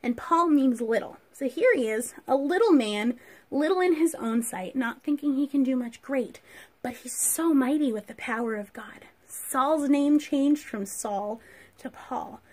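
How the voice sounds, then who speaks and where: A woman teacher telling a Bible story to children, with animated storytelling and rhetorical questions. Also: high-pitched, a little slow.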